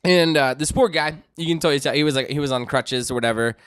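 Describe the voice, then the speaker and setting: A man co-hosting a podcast in casual chat, telling profane stories and acting out quotes in shrill voices. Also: fast, a bit bright, smooth, no room sound, studio quality. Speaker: podcast co-host.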